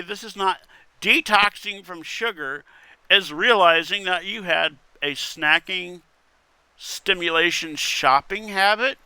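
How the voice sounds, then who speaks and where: A man's voice: fairly high pitch, creaky, pushed and bright, clean tone, no room sound. A man reading internet posts aloud in casual commentary, wry and muttering, with casual swearing. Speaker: content creator reading posts.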